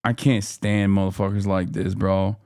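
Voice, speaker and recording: Male streamer, casual reaction commentary, sarcastic and profane, smooth resonant voice. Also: low-pitched, flat delivery, moderate pace, darkish tone, no room sound, clean studio sound. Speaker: streamer reacting to a debate clip.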